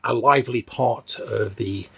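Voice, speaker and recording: A man's voice: medium pitch, unhurried, creaky, breathy edge. A man voicing a frail, fussy old female churchgoer who stammers and repeats words, out of breath. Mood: eager.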